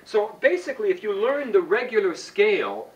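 At a moderate pace, a very animated man with a high-pitched voice leads a classroom lesson on reading chant notes. He quizzes students by name and sings short examples, recorded from a distant mic with faint background noise.

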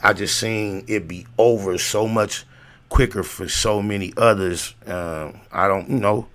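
A man's voice: on the low side, fairly even intonation, a little slow, fairly bright tone. An older man hosting a casual livestream, telling rambling, slang-heavy stories with lots of fillers. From Los Angeles area, USA. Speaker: host.

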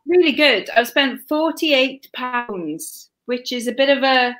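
Cheerful woman co-host, higher voice, short bright quips. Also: slow. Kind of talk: casual live stream chat.

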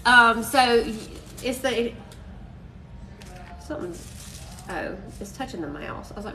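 A woman's voice: a little high, lively intonation, measured pace, pauses often, far from the mic, low-quality recording. Bubbly woman crafting live. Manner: bubbly, says "y'all" and "freaking" a lot. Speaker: craft live-stream host. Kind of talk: chatty live-stream crafting demo. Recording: voice a bit off-mic, faint music behind.

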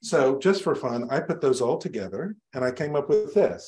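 Man, reverend, conversational sermon, storytelling, mid-pitched voice. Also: big pitch swings, moderate pace. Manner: warm conversational storytelling to a congregation, light self-deprecating humor. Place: church sanctuary.

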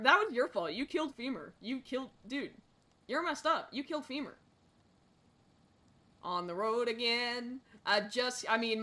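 Woman streamer, young, bright voice, chaotic, excitable. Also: on the high side. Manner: excitable, swings from mutters to sudden shrieks. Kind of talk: chaotic game commentary, role-playing a parent.

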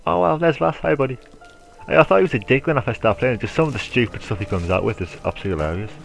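A man's voice: mid-range voice, very fast, gravelly, soft background music. A man giving chatty, wry commentary as he plays a video game. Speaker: gamer. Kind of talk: gameplay commentary.

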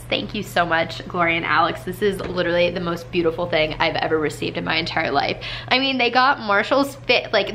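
Bright-voiced gushing young woman vlogger. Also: medium pitch, a little hiss or hum. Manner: chatty and gushing, many filler "like"s. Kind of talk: casual vlog talk to camera. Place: at home.

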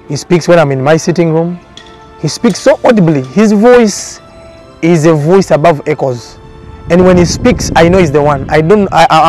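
A man's voice: fairly high pitch, a little mellow. Earnest man with a preaching cadence. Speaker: prophet. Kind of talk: testimony in a documentary interview.

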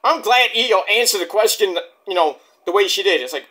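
A man's voice: high voice, animated, a little fast, few pauses, sharp tone, slight background noise. A man reviewing a wrestling show in a heated, profane, rambling rant.

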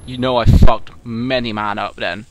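A young man commenting on his own gameplay, excitable and swearing loudly whenever things go wrong. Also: mid-range voice, normal speed, slight background noise. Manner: excitable, yelling and swearing at the game. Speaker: gamer. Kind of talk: let's play commentary.

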